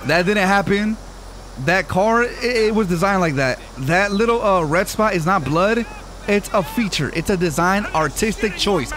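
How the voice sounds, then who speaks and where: A man's voice: sits high, moderate pace, fairly bright tone, a little hiss or hum. A man streaming a video game, joking and hyping in slangy casual commentary. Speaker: gaming streamer. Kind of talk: casual let's play commentary.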